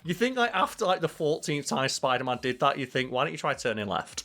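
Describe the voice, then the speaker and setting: A man's voice: a little high, very animated, fairly quick, a bit bright. A man co-hosting a podcast, riffing and joking profanely in casual chat. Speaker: podcast co-host.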